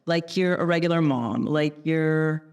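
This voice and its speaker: A woman's voice: deep voice, unhurried, darkish tone, clear, resonant tone. A woman voice actor, a guest, chatting easily during a haircut, laughing often and adding "you know what I mean". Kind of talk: casual chat. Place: hair salon, getting a haircut.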